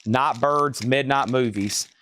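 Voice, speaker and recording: A man hosting a live online vinyl record sale, calling out titles, prices and bids in quick patter. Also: mid-range voice, fairly bright tone. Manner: rapid-fire auctioneer patter, hums tunes. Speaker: host. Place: record shop.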